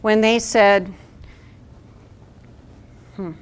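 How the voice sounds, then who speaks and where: Woman giving a lively talk to an audience. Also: medium pitch, measured pace. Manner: conversational, engages audience with questions. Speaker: speaker at a support event.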